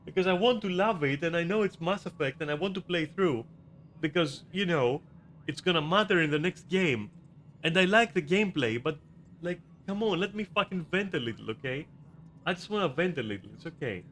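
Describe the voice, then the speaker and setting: A man's voice: a little high, lively intonation, brisk, a bit bright, slight background noise. Profane, exasperated male game ranter. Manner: profane, exasperated ranting with many restarts. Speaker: gaming video creator. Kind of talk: ranting gameplay commentary.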